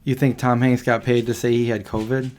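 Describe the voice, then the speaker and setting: Male streamer, mid-pitch, casual rambling talk, answers chat as he goes. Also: flat delivery, darkish tone. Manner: rambling, reacting to chat comments with quick questions. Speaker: livestream host answering chat.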